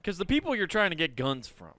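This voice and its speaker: A male comedian co-hosting a podcast, joking and quick to laugh in casual banter. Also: fairly high pitch, wildly swooping pitch, sharp tone.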